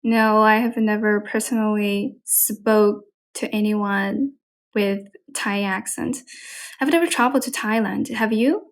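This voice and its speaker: A woman, a Mandarin speaker, hosting a casual live-stream chat in English with a relaxed, curious manner. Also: medium pitch, measured pace. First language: Mandarin Chinese. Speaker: livestream host.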